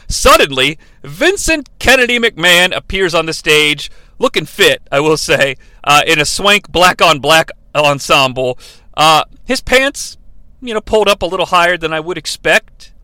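A man's voice: a little high, sharp tone, dry recording. A man hosting a podcast, recapping wrestling in a sarcastic, jokey way with many asides. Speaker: podcast host. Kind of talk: comedic recap narration.

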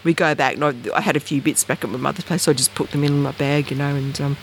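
A fast-talking Australian woman, originally from Bathurst Island in the country's north, recounts personal stories in an interview with slight noise in the background. She wanders through her tales with lots of fillers and false starts, animatedly performing the voices of those she quotes using big pitch jumps.

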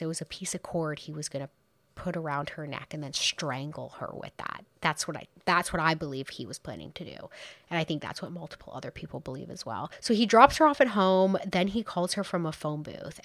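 A woman casually retelling a true crime case, animated and exclaiming, briefly putting on voices for the people involved. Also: low voice, no room sound, clean studio sound.

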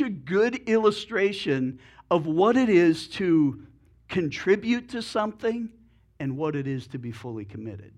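A man's voice: sits high, sing-song, a little slow, a little mellow. A male pastor preaching a sermon in a folksy, humorous storytelling manner, with self-corrections along the way.

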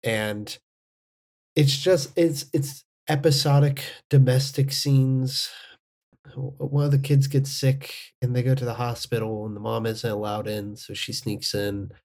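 A man co-hosting a film podcast, summarizing a plot in a measured, halting way with many pauses. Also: medium pitch, steady tone, a little mellow. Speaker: podcast co-host. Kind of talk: casual film podcast chat.

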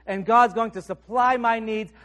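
A middle-aged male pastor delivers a sermon in a notably high voice. He lets his phrase endings drop quiet and low. His questions rise and carry more push. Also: steady tone, moderate pace. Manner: trails off soft and low at phrase ends, rises on questions.

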